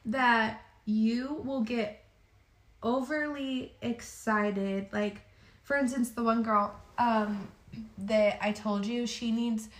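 A woman's voice: fairly high pitch, steady tone. A young adult woman co-hosting a podcast, chatting casually with lots of "like" and frequent laughter. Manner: chatty, drawn-out "like" fillers, laughs often. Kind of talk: casual chat. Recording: echoey room.

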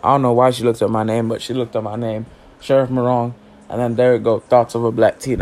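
A man's voice: mid-range voice, fairly quick, a little mellow, a little hiss or hum. A teenage boy hosting a casual solo podcast, rambling and joking in heavy slang with lots of cussing. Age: late teens. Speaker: podcast host.

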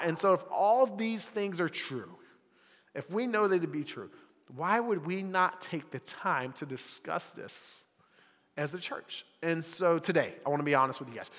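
Young man, youth pastor, relaxed chatty sermon, slightly high voice, recorded live in a reverberant church. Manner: casual, conversational, lots of filler words.

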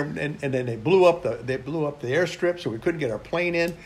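A man's voice: a little high, lively intonation, moderate pace, slight background noise. Older man telling war stories. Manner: rambling and blunt, with frequent restarts. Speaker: military veteran interviewee. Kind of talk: oral history storytelling.

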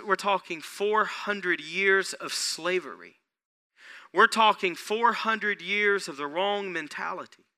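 A male pastor preaching a sermon, throwing rhetorical questions at the congregation and building excitement. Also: sits high, clear, resonant tone.

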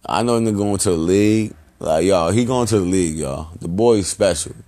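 A man hosting a podcast, giving loose, rambling shout-outs in heavy slang and profanity. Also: deep voice, brisk. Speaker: podcast host.

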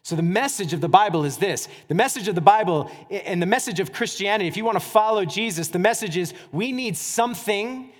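A man pastor preaching a sermon in a conversational, animated way, with casual asides. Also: high voice, a little fast, hardly any pauses. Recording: church hall reverb.

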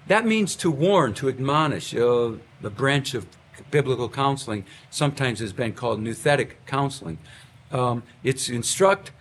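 A pastor teaching a class of pastors in a lively lecture style, with frequent fillers and restarts. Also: male voice, mid-range voice, slight background noise.

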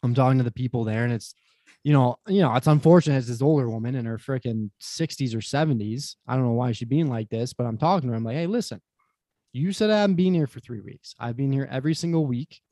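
A man as a podcast guest, swearing freely while he tells an animated story about his job. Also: medium pitch, quick pace, dry recording. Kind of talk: casual podcast chat.

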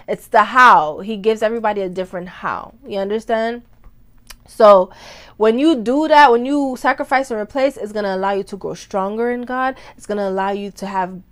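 A woman's voice: fairly high pitch, fairly bright tone. A woman hosting a ministry podcast, preaching in a fervent, casual way, repeating phrases for emphasis and talking straight to her listeners. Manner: talks straight to listeners, calls them "y'all". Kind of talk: casual devotional teaching.

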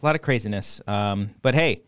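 A man's voice: lowish voice, brisk, fairly bright tone, clear, resonant tone, no room sound. A man co-hosting a podcast, telling a story in a rambling, profane way and acting out the voices of the people in it. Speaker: podcast co-host. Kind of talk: casual chat, storytelling.

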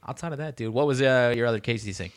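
A young man in casual chat, relaxed, with lots of fillers and frequent "dude". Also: mid-range voice, quick pace, clear, resonant tone.

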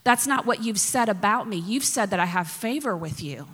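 A woman's voice: medium pitch, lively intonation, normal speed, fairly bright tone, in a large hall. Woman preacher playing a pleading man reasoning with God. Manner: earnest, reasoning pleas.

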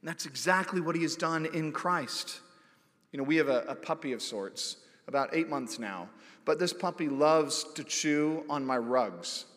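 A man's voice: expressive, normal speed. Emphatic male pastor in a reverberant hall. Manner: emphatic, builds to loud declarations then drops low. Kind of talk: sermon.

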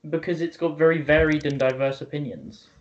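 A man's voice: on the high side, fairly even intonation, a little fast, slight background noise. A man co-hosting a podcast in casual chat, explaining his views earnestly and patiently. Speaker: podcast co-host. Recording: dull lo-fi sound.

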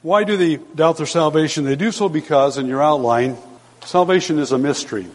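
An older man preaching a sermon as pastor, emphatic, slowing down to stress the scripture he quotes. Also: a little high. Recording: long hall reverb.

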